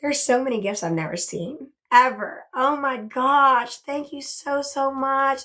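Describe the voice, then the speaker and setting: A woman's voice: high voice, takes it slowly, fairly bright tone. Gushing, chatty woman on a livestream. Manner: gushing, chatty, thanks viewers often, swears casually. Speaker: livestream host. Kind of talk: casual livestream chat. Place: her bedroom.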